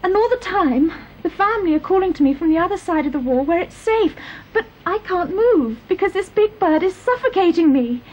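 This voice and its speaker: Young granddaughter, shaken, soft, confiding, high voice, radio drama. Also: female voice, animated, brisk, lo-fi sound, a little hiss or hum. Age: young adult. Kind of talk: 1930s-set radio drama.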